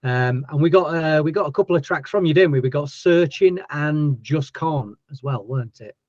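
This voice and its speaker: A man's voice: fairly high pitch, normal speed, a little mellow, dry recording, lo-fi sound. A man with a Yorkshire accent hosting a casual interview, chatty and enthusiastic with many restarts. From Yorkshire, England. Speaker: host.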